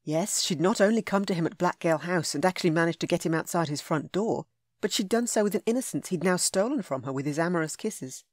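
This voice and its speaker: A woman narrating a romance audiobook in a smooth, measured, intimate way. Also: on the low side, no echo, studio quality. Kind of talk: scripted narration.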